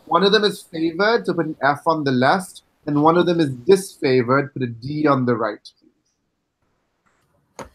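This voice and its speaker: A man running a tabletop game as game master, who explains character setup in an unhurried, wry way with many fillers. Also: on the high side, a bit bright, low-quality recording.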